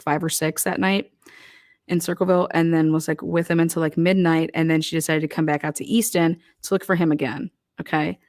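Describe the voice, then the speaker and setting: A woman's voice: lowish voice, a little mellow. A woman giving casual, profane true crime commentary, blunt and heated, firing off rhetorical questions.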